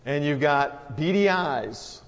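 An elderly blind bunny rabbit from a preacher's joke, as a man puts him on. The voice is a bit high and homespun. Long hall reverb hangs behind every word. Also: lively intonation, slow. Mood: folksy. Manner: folksy joke-telling delivery.

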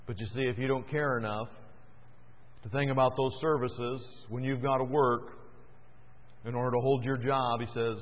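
A man preaching a sermon in a church, moving between loud, fervent emphasis and quiet, hushed stretches. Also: medium pitch, steady tone, normal speed. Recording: tinny echoey church recording.

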